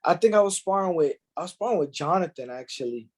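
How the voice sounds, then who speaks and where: A middle-aged man hosting a podcast, telling stories in an animated, profane way and acting out the quotes. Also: high voice, fast talker. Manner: animated, profane storyteller who acts out quotes. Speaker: podcast host. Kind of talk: casual podcast chat.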